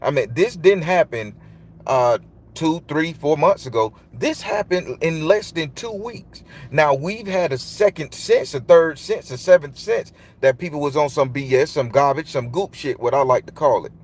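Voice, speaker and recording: A man's voice: on the high side, lively intonation, normal speed. Profane man telling a story. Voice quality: loose, profane, emphatic delivery. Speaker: spiritual tarot reader. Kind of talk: casual storytelling monologue.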